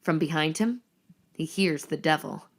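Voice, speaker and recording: Woman, screenplay narrator, measured, descriptive, somewhat low voice. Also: sing-song, vocal fry. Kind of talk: reading screenplay action lines.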